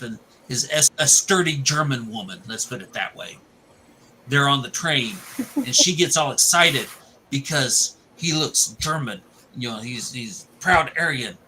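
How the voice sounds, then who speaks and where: A man's voice: medium pitch, pushed and bright, a little hiss or hum, rough recording. A man casually retelling the plot of a film, rambling and restarting as he goes.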